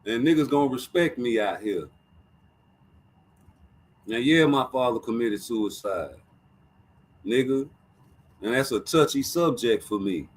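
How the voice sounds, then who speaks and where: A man's voice: mid-range voice, animated, a little slow, pauses often, husky. A man hosting a casual streamed boxing talk show, talking in a profane, emphatic way and repeating his points.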